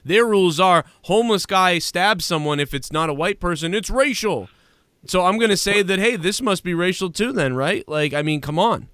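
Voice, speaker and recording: A man's voice: high voice, animated, moderate pace, fairly bright tone, clean tone, no room sound, clean studio sound. A man hosting a live talk show, ranting crudely and mimicking voices as he tells stories. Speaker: podcast host. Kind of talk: casual talk show banter.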